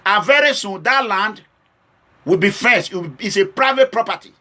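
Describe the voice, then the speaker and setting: A Nigerian man with a high voice addresses his audience directly. His talk is impassioned and switches between stern warnings and urgent pleading. His tone is bright and forceful. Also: lively intonation, moderate pace. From Edo State, Nigeria. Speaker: political vlogger. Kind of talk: direct-to-camera political address.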